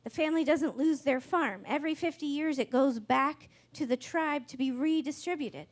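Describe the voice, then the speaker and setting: A woman with a high voice delivers a sermon. She tells the story casually and wryly, like she is chatting with the congregation. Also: normal speed. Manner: conversational, wry storytelling preacher. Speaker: pastor.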